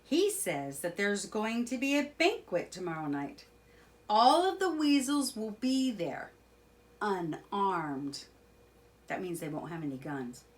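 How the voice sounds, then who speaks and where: A woman's voice: mid-range voice, very animated, slow. A woman voicing a wise, commanding old male badger in a children's storybook. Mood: stern.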